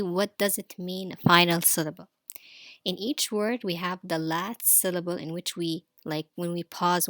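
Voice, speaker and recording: Teacher, female, crisp bright voice, slow repeated words for kids, dry close mic. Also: lowish voice, no room sound. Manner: explains slowly, repeats words for pupils to say. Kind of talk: online spelling lesson for children.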